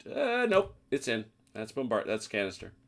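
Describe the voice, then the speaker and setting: A man running a tabletop wargame as game master, relaxed and guiding players through the rules. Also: lowish voice, normal speed, vocal fry.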